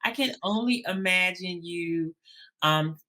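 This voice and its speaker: A woman's voice: fairly low pitch, slow pace, pushed and bright. A woman hosting an interview, affirming her guest with frequent murmured agreement. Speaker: host.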